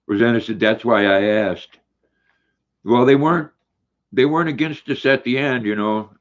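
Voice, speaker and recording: An older man runs a relaxed livestream, eating while he reads the chat aloud in a homespun way. His voice is medium in pitch and his speed normal. Sound quality is dull and lo-fi.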